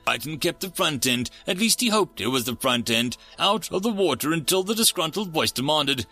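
A man narrates a fiction story with a lively, expressive delivery, his pitch rising and falling freely. His voice has a bright, forward edge. Quiet music plays faintly beneath the reading. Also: normal speed, few pauses.

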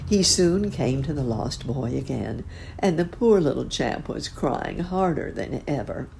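A woman's voice: extremely low pitch, lively intonation, a little slow, vocal fry, darkish tone, slight background noise. A woman reading a children's story aloud in a lilting storybook narration.

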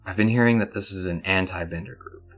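A man's voice: low voice, brisk, fairly bright tone, faint music behind. A man voicing a serious woman gang leader who gives orders in a businesslike way, with hesitant restarts.

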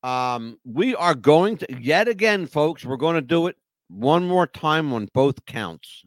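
A man hosting a casual talk show, his voice rising and falling with lively, animated swings as he rambles through stories with emphatic asides. His tone sits a little on the higher side, and the recording is dry and close, with no room sound. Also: unhurried, dry recording. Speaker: podcast co-host. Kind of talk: casual chat.

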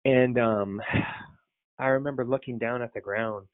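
Over a tinny phone line, a young pastor talks in a casual, rambling prayer-call style, choked up with tears and emotional. His voice is medium-pitched and steady, his pace unhurried, and the recording is dry.

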